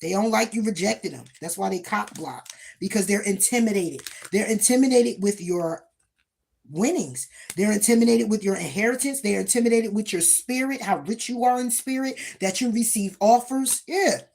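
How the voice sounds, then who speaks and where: A woman's voice: medium pitch, normal speed, creaky, a little mellow. A woman giving a casual tarot reading, sassy and emphatic, often repeating her points. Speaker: tarot reader.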